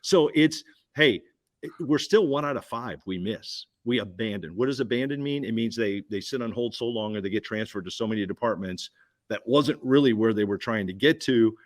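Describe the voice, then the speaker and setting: A man giving an energetic business pitch at a roundtable, punchy and repetitive, firing questions at the listener. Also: normal speed. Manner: punchy, repeats key phrases, asks listener questions. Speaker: guest speaker.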